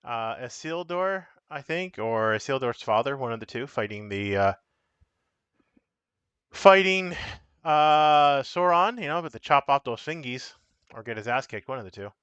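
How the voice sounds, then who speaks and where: A man's voice: mid-range voice, animated, unhurried, a bit bright, clean tone, no room sound, dull audio. A man casually chatting on a live stream as he shows and explains the cards of a solo card game, rambling and correcting himself as he goes.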